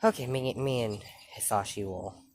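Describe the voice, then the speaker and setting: A man's voice: medium pitch, moderate pace, a little hiss or hum, lightly acted. A man voicing a shaken but defiant middle-aged mother in a casually retold fan story, speaking hesitantly. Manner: hesitant, stammering.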